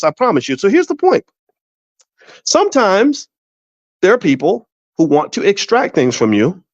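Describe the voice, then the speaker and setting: A man's voice: medium pitch, no echo. A male podcast host and finance professor talking in a casual monologue, rambling and stumbling over repeated words. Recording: dry, slightly dull recording.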